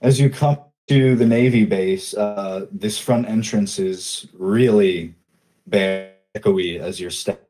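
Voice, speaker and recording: A man narrating a tabletop role-playing game as game master, taking his time over every description. His voice is low and warm, and he speaks slowly and calmly. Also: poor audio.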